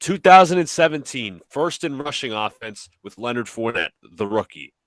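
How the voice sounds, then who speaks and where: Animated man arguing sports takes. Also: mid-range voice, moderate pace, no echo. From New York area. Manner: argumentative, emphatic, repeats points for effect. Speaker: podcast host.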